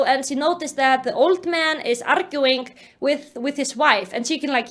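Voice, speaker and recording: Brief: young woman, high voice, casual recap vlogger, animated and exasperated. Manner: animated, exasperated, filler-heavy retelling. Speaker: YouTube commentator. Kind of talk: casual book-recap commentary.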